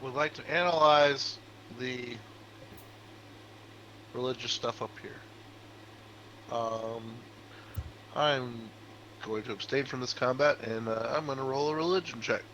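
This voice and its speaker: A man playing a tabletop game over voice chat, speaking haltingly with many fillers. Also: mid-range voice, fairly bright tone, highs cut off, a little hiss or hum. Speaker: player.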